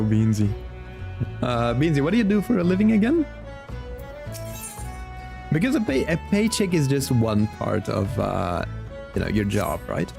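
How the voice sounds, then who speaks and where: A man's voice: mid-range voice, gravelly, darkish tone. A man streaming a game, chatting casually and rambling to his viewers. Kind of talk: casual gaming stream chat.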